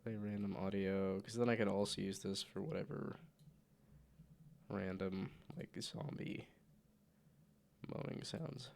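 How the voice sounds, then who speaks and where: A man's voice: lowish voice, fairly even intonation, unhurried, vocal fry, long pauses, a little mellow, slight background noise. A man with a sick voice, casually thinking aloud and muttering to himself while coding on a live stream. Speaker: game developer streaming live.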